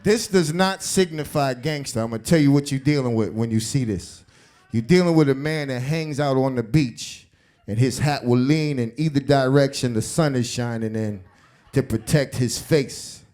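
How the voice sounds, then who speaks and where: A man doing stand-up comedy on a club stage, telling stories in an animated, streetwise way. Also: mid-range voice, moderate pace. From South Bronx, New York.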